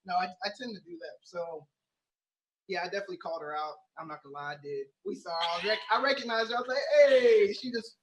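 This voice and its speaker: A man who is a guest on an interview, tossing in fast, quiet asides that break into sudden loud mimicry. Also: sits high, far from the mic, poor audio. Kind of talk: casual interview chat.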